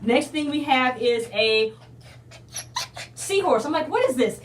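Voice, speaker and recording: A woman's voice: a little high, animated, moderate pace, far from the mic, a little hiss or hum. Chatty woman unboxing in an echoey room. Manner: chatty, addresses viewers as y'all. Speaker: unboxing vlogger. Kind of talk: casual unboxing chat.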